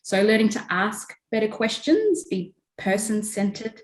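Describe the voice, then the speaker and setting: A woman from South Australia, a guest on a podcast, speaking in a measured, reflective way with hesitant fillers. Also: medium pitch, expressive. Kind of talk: conversational podcast discussion. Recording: roomy echoing audio.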